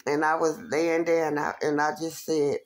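A woman's voice: sits low, flat delivery, normal speed, faint music behind. A middle-aged woman telling a personal story in casual, profane talk, speaking straight to her viewers.

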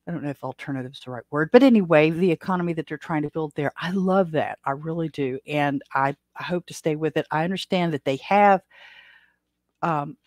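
A woman from the United States hosts her own podcast, chatting casually solo in a low voice with no echo. She rambles, with many fillers and restarts.

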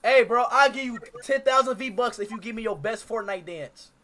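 Loud teasing male streamer, bright voice. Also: very high-pitched, normal speed. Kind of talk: casual street chat with strangers.

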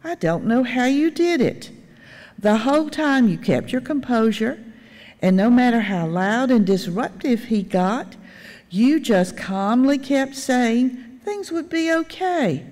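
A woman's voice: a little high, animated, takes it slowly, a little mellow. A woman voicing an earnest, admiring woman shopper, heard with long church reverb.

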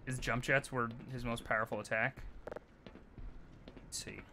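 A man giving chatty, excitable live commentary while streaming a video game, swearing casually. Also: mid-range voice, unhurried, slight background noise.

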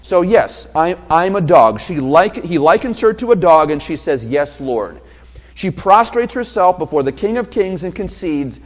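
A male pastor preaching an expository sermon, emphatic and passionate, building to loud peaks. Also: sits high, very animated, normal speed, in a large hall. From New Hampshire.

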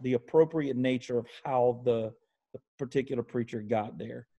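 A man hosting an interview, thoughtful and measured, often restating his points. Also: medium pitch, dark tone, dull audio. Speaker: interview host. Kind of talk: casual interview conversation.

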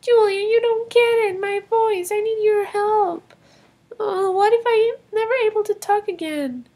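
An anxious little girl with a very high voice. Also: a little slow, darkish tone. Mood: worried. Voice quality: high, childlike. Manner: worried and pleading. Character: little girl who has lost her voice. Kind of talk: toy film voice acting.

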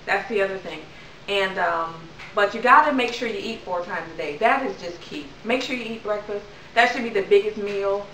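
A woman's voice: medium pitch, normal speed, fairly bright tone, roomy sound, recorded from a distance, slight background noise, low-quality recording. A young woman vlogger chatting casually to camera, rambling with lots of ums.

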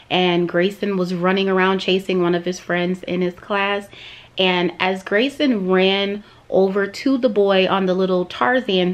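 Young mom vlogging, chatty and animated, keeps saying you guys, mid pitch woman. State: recovering from surgery. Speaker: vlogger, stay-at-home mom. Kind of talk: casual storytelling to camera.

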